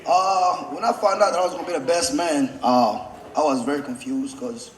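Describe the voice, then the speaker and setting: Man, best man toast, choked up, halting with fillers, slightly high voice, echoey hall, faint background noise. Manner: halting, full of "uh" fillers and restarts. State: choked up, holding back tears. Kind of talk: wedding toast. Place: wedding reception hall.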